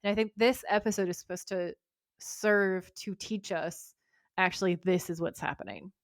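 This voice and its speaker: Animated woman recapping a show. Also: mid-range voice, normal speed, no echo, clean studio sound. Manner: animated storyteller, swears freely. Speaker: podcast co-host. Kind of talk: casual chat recapping a TV episode.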